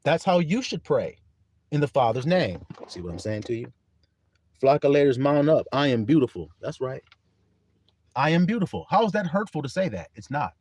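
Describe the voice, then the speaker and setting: A man preaching a livestreamed sermon in a folksy, animated way, calling on his listeners and laughing often. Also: mid-range voice, normal speed, husky, no room sound.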